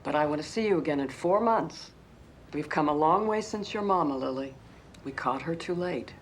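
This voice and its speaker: A calm doctor, giving her patient results in a measured, reassuring tone. Her voice is very low for a woman. Faint noise sits under the film audio. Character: calm female doctor giving check-up news.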